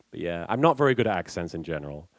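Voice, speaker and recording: A young British man answering fan questions at a convention panel, chatty, laughing often and restarting his sentences. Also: deep voice. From England. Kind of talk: casual panel Q&A.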